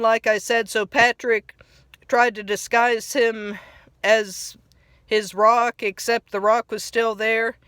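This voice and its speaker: A woman's voice: a little high, fairly bright tone, no room sound. A woman casually reviewing a cartoon episode on a phone mic, rambling with restarts and chuckling at her own asides.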